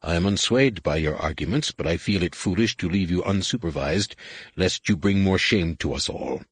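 A man's voice: low voice, normal speed, husky, no echo. A man doing a cold, stern alien master. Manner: contemptuous, curt, commanding.

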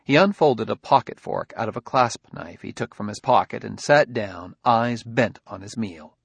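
A man's voice: on the low side, normal speed, creaky, husky, no echo. Male audiobook narrator, dry and close. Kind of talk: scripted narration.

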